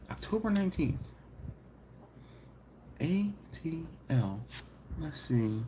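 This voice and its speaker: Man from Philadelphia, stream host, lively swooping delivery, faint background hiss. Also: medium pitch, unhurried. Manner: animated, laughs often, reads comments aloud. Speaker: livestream host reading chat. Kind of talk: casual live chat.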